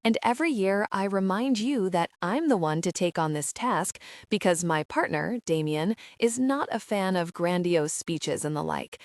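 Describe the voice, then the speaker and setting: A woman narrating an audiobook in the first person, with expressive, intimate storytelling. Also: on the low side, dry recording, studio quality.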